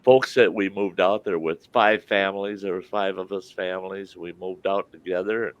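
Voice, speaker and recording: A man's voice: deep voice, fairly even intonation, moderate pace, a little hiss or hum. A man hosting a live stream, telling a folksy anecdote and laughing through it. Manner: laughs through his own story, drawls. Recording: dull lo-fi stream audio.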